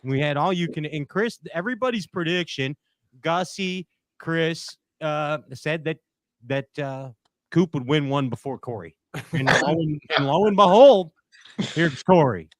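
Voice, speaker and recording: Lively teasing male show host. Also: a little high, unhurried. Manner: lively, teasing, laughs often. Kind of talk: casual chat.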